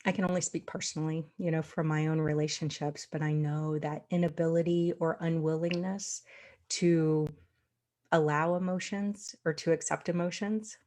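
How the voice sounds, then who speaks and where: A woman with a slightly low voice speaks as a coach in casual conversation. She is earnest and reflective and laughs lightly now and then. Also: little pitch movement, normal speed, mellow. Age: adult with a daughter.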